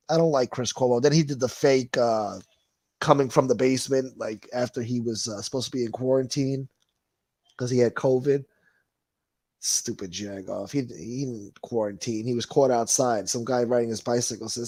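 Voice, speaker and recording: A man's voice: medium pitch, steady tone, moderate pace, a little mellow, no room sound. A man hosting a casual livestream, reading viewer comments and ranting in a profane, sarcastic way. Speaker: livestream host.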